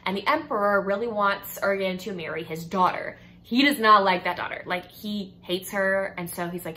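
Young woman, casual vlog chat, enthusiastic, lots of fillers, quick voiced asides. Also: mid-range voice. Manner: gushing, filler-heavy, bursts of excitement; mimics characters' lines in quick asides. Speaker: book reviewer. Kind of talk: casual chatty book recommendations.

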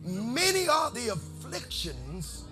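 A man's voice: very high voice, huge pitch swings, takes it slowly, music in the background. A man preaching a sermon as a bishop, chanting and half-singing his lines in a studio full of worshippers. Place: studio with congregation.

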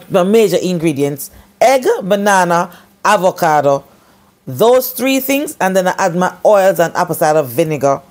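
A woman chatting casually to camera as a hair care vlogger, rambling and slipping into patois. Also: on the low side.

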